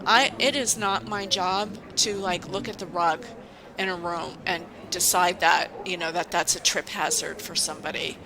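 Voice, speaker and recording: A woman's voice: lowish voice, fairly even intonation, normal speed, vocal fry, a crowd in the background, rough recording. A woman who works at a university, venting in a casual vlog and telling her story in an indignant, emphatic way. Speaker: university staff member.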